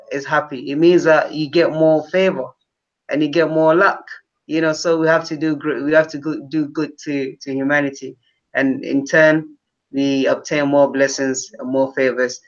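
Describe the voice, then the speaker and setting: A man in his twenties, a professional boxer, answering an interview earnestly and sincerely, often repeating words. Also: medium pitch. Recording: dull lo-fi sound.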